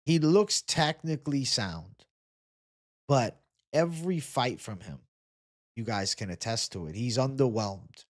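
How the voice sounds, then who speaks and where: A man's voice: mid-range voice, expressive, unhurried. A man hosting a casual livestream, reading chat comments aloud and joking in a laid-back way with casual swearing. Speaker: livestream host.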